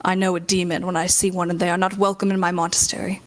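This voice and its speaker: A woman voicing a stern, calm male monk who speaks gravely and slowly. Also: on the low side, close to an everyday voice. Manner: grave, slow and measured.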